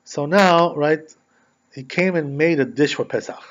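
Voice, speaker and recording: In a dull, lo-fi recording, a rabbi with a somewhat high voice talks at an unhurried pace. His lesson on religious law is conversational and woven with stories, punctuated by frequent "right?" tag questions.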